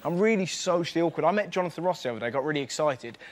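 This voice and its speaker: A man performing a fast stand-up comedy routine in a TV studio, slipping into silly voices for the people in his jokes. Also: on the high side. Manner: quick, animated, mimics people in silly voices. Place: TV studio with live audience. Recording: TV audio with loud background noise.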